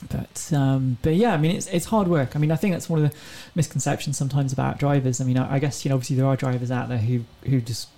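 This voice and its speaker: A woman's voice: a bass voice, fast talker, few pauses, warm tone, slight background noise, poor audio. A woman, a racing driver talking as an interview guest in an earnest, reflective way. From England. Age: 30s. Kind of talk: casual interview chat.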